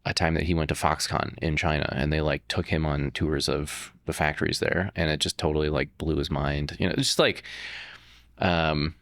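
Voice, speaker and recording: A man's voice: rumbling low, steady tone, normal speed, vocal fry, fairly bright tone, dry recording, studio quality. A man, a startup founder, talking as a guest in a casual interview, rambling with many fillers and restarts.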